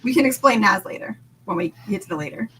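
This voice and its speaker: A woman co-hosting a casual book chat, enthusiastic and quick to laugh. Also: medium pitch, expressive, fairly bright tone, slight background noise. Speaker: podcast co-host.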